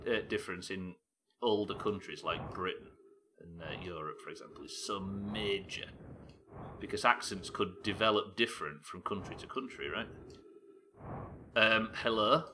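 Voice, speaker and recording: A man with a Welsh accent commentating his live gameplay, chatting with viewers, animated and swearing casually. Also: on the low side, normal speed, background noise. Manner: animated, swears casually, reacts loudly to the game. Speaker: streamer.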